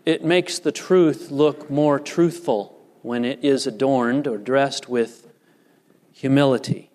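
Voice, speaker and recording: A man preaching a sermon as a pastor, measured and deliberate, lifting his voice for emphasis. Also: mid-range voice, darkish tone. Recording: long reverb of a large hall.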